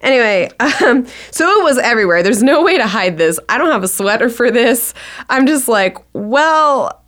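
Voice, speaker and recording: A woman spins a funny personal story in a loose, chatty way, dropping "like" into almost every sentence. She talks in quick bursts and her pitch jumps around as she gets worked up. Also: animated, fairly bright tone. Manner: chatty, peppered with "like", laughs between lines. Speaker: actress telling a personal story.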